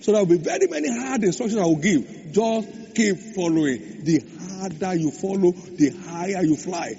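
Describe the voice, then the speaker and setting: A man's voice: sits high, expressive, moderate pace, dark tone, husky. A man preaching a sermon, stressing and repeating key phrases. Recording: echoey hall, dull lo-fi sound, faint hum.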